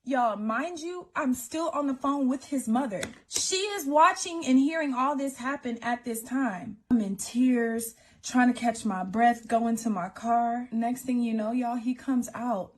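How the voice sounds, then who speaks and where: Dramatic storytelling woman, higher voice. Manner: dramatic, reenacts quotes, fast retelling. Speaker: storyteller in a played clip. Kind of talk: emotional personal storytime.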